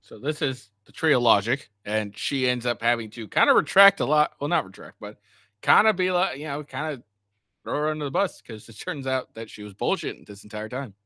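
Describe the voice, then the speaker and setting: A man's voice: mid-range voice, lively intonation, fairly quick, pushed and bright, no room sound. A man co-hosting a commentary show, making casual, rambling asides. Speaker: co-host.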